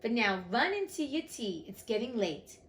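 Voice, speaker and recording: Woman doing a gentle older sister. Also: fairly high pitch, very animated, moderate pace, a little hiss or hum. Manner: soft and gentle.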